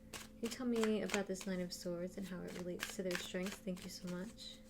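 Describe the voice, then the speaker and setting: This woman's voice is fairly low and steady, and she speaks briskly amid heavy background noise. A tarot reader, she does a casual reading, speaking directly to her viewers and musing aloud as each card is turned.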